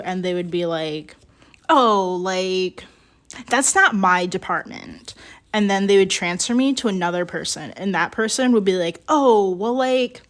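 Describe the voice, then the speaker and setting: Slow, rambling young woman chatting. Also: medium pitch. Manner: rambling storytelling with many fillers and laughs. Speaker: streamer working on ceramics. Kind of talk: casual chat while working. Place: home pottery studio.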